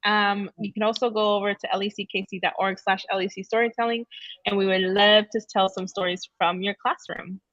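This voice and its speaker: A bright, lively woman tells classroom stories in a chatty live-stream style and laughs easily. The sound is dry and a little dull, like lo-fi audio with no room echo. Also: medium pitch, fairly quick. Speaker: teacher segment host. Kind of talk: casual live-stream storytelling.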